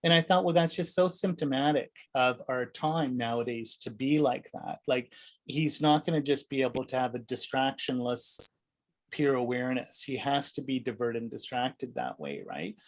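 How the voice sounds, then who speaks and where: A man leading a meditation class, talking in a loose, conversational way, often asking "right?" and acting out little voices. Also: moderate pace. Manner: rambling, conversational, full of rhetorical "right?"; acts out voices with sudden high pitch jumps. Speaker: meditation teacher. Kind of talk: casual dharma class talk.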